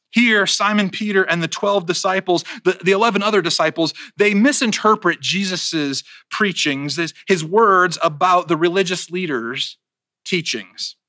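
A man's voice: fairly high pitch, bright, forceful tone, no echo, clean studio sound. A man preaching a sermon in a conversational way, checking in with his listeners as he retells stories.

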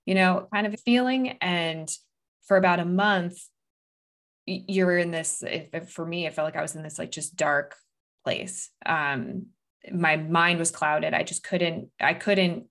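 An earnest woman in her thirties hosts a podcast conversation. Her voice sits slightly low, and she speaks emphatically, filling her sentences with likes and restarts. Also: unhurried, gravelly, a bit bright. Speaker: podcast host. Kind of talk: candid conversation.

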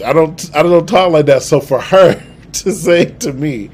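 A man's voice: on the high side, a little slow, darkish tone. A young man co-hosting a podcast, telling stories in a laid-back way with frequent laughs and restarts. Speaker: podcast co-host. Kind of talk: casual chat.

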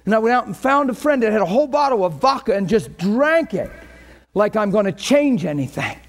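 Middle-aged male pastor with a very high voice; impassioned sermon delivery. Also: sing-song, fairly quick. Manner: impassioned, swings from quiet to shouting.

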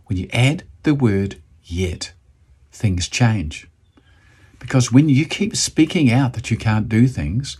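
A man's voice: mid-range voice, a little mellow, husky. A man from New Zealand with a New Zealand accent, hosting a motivational video and talking enthusiastically to camera, at times bantering with himself.

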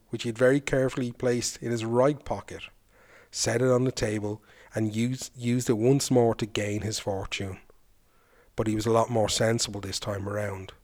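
A man's voice: mid-range voice, darkish tone. A man hosting a podcast, narrating a folk tale and then chatting reflectively about it. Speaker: folklore podcast host. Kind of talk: storytelling narration.

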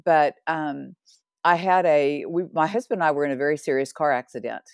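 Woman in her 60s, low pitch, dry recording. Podcast guest giving a lively, earnest testimony. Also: fairly quick, clean tone, dry recording. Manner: animated and earnest, with laughs and asides. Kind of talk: personal faith testimony.

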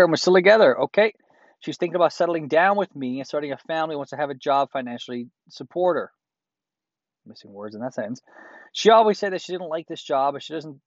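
A man's voice: fairly high pitch, no room sound, dull audio. A man reads a listener's letter aloud and breaks in with crude, profane, sarcastic comments. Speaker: host reading a listener's letter.

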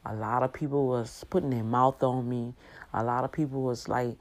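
A woman in her fifties with an animated, exclamatory, preachy manner, talking casually about her faith to her viewers. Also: extremely low pitch, normal speed. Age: 50s. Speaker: faith vlogger.

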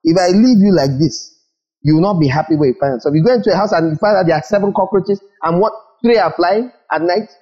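A man's voice: high voice, fast talker, warm tone, lo-fi sound. A man from Nigeria preaching a sermon as pastor, acting out little scenes and repeating words for emphasis.

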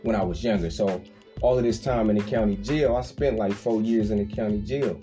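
A man, casually telling a story on a podcast. His voice is warm and mellow, and he keeps slipping into high, playful impressions of other people. Faint music plays underneath. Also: fairly quick. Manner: animated storyteller, acts out quoted voices with big pitch jumps, laughs often, slangy.

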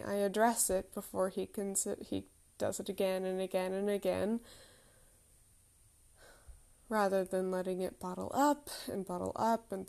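A woman's voice: mid-range voice, mellow. A woman in her thirties telling a candid, reflective personal story with self-deprecating humour.

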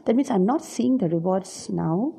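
A woman's voice: medium pitch, animated, moderate pace, creaky, mellow, husky. A woman preaching a reflective sermon on scripture, musing aloud and often searching for her words.

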